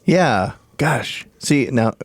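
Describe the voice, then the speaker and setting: A man's voice: mid-range voice, animated, drawn-out words, no room sound. A man co-hosting a podcast, easygoing and affirming in casual chat. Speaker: podcast co-host.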